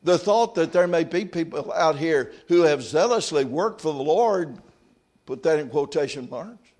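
A man preaching a sermon, reading scripture aloud and then commenting on it in quieter, reflective asides. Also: on the high side, lively intonation, moderate pace.

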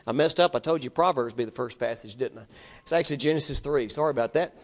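A man's voice: mid-range voice, fast talker. A man preaching a sermon to his congregation, putting emphatic rhetorical questions to them. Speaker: pastor.

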